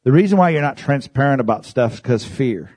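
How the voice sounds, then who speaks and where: A man preaching a sermon, moving from calm teaching to loud, high-pitched shouting. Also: brisk, dry recording.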